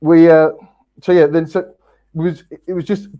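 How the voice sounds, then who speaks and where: A man, a podcast guest, telling his story in a casual, halting way with many restarts and fillers. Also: on the high side, flat delivery, dark tone, low-quality recording. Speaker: guest, company co-founder.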